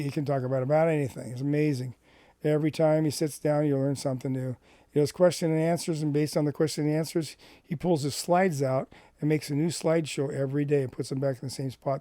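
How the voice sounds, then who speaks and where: A middle-aged man from Washington State telling a personal ministry story in an animated way, acting out the dialogue. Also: on the high side, no echo. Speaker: Christian ministry speaker.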